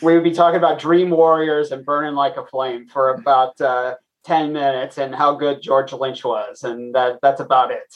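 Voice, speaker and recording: A man chatting casually as a quiz contestant, relaxed with dry humor. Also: mid-range voice, moderate pace, few pauses, dull audio. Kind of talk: casual podcast chat.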